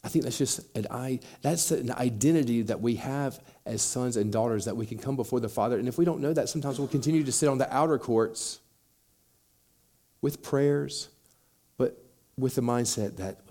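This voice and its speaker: A man's voice: medium pitch, animated, moderate pace, dark tone. A man preaching a sermon, acting out quoted voices and building in intensity as he makes his points. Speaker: pastor.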